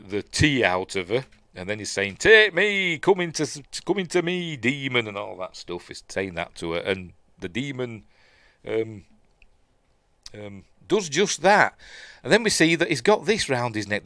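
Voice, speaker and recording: A man's voice: mid-range voice, a bit bright, dry recording. A man with a Yorkshire accent gives a casual, rambling watch-along commentary on a film, full of fillers and restarts, as host of his own show. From Yorkshire, England.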